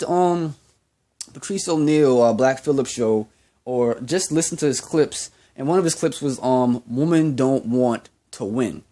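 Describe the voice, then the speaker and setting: A man's voice: medium pitch, darkish tone. A young man ranting in a vlog monologue, profane and heated, repeating himself as he goes. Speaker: vlogger.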